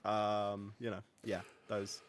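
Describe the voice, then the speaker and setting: A young man on a podcast, chatting excitedly and laughing easily as he tells stories. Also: on the low side, no room sound. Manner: excitable, quick to laugh, lively storytelling. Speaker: guest. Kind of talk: casual podcast chat.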